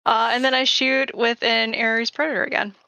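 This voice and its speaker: Wry woman gamer, gravelly and bright, dull dry mic sound. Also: a little high, level tone, moderate pace, no room sound. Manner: wry, offhand, trivia asides. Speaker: player. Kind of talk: tabletop game play.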